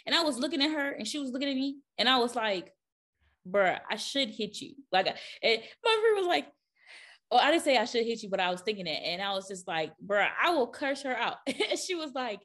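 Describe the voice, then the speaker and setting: A woman co-hosting a podcast in casual chat, telling stories with lots of laughter. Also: fairly high pitch. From American South. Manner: animated, laughing storyteller. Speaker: podcast co-host.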